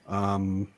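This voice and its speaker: A man born in the United States hosting a casual live chat, talking in an animated way with frequent restarts. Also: fairly low pitch, gravelly. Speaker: host.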